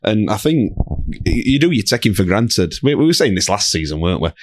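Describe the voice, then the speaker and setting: A man's voice: fairly low pitch, very animated, brisk, a little hiss or hum. A man co-hosting a football podcast, plain-spoken and opinionated. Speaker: podcast co-host. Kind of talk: casual football chat.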